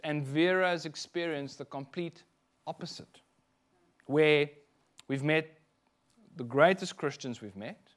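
A middle-aged man from South Africa with a South African accent, preaching a sermon as a minister and telling lively personal stories with frequent asides. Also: fairly high pitch.

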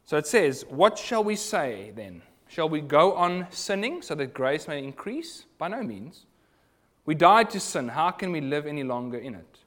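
A man preaching a sermon, earnest, moving between loud emphasis and hushed asides. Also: a little high, sing-song, moderate pace.

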